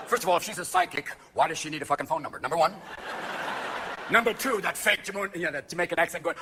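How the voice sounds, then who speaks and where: A man performing a stand-up comedy routine on a theater stage, manic and shouting his punchlines as he jumps between voices. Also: sits high, expressive, fast, background noise. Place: theater stage before a live audience. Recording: live show with loud crowd laughter.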